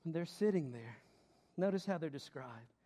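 A middle-aged male pastor preaching a sermon, dropping to hushed tones and rising to loud emphasis, asking his listeners questions and joking with them. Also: fairly high pitch, animated, moderate pace. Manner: asks the congregation questions, jokes with them.

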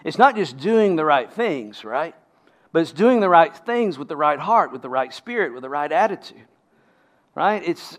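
A man preaching a sermon as a pastor, emphatic and often asking the congregation rhetorical questions. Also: a little high.

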